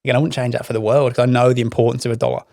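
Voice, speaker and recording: Podcast cohost guy, quick talker, pretty flat tone, dry mic. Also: mid-range voice, vocal fry, dry recording. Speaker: podcast co-host. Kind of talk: casual podcast interview.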